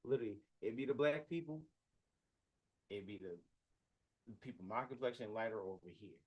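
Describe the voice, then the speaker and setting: A man in a casual group conversation, talking in a halting, reflective way and often restarting his thoughts. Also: mid-range voice, lively intonation, husky, dull audio. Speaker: performer, podcast co-host.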